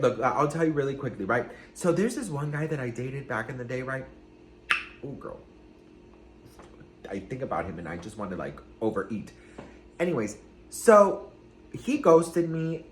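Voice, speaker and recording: Sassy, animated gossip vlogger man. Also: medium pitch, a little hiss or hum. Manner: sassy, dramatic, swears freely. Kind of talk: casual celebrity gossip vlog. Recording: roomy room echo.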